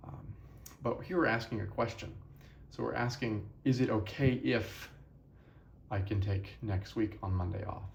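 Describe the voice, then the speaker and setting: Young man, tired, low gravelly voice, rambling, self-correcting, casual lesson, dull roomy recording. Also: a little mellow, a little hiss or hum. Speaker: language lesson host.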